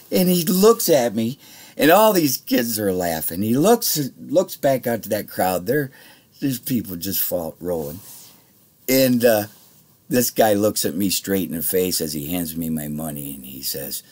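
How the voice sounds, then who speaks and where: A man with a low, husky voice tells a long personal story in loose, rambling speech. He gets heated and swears freely. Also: animated, a little slow, a little mellow. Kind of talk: casual spoken anecdote.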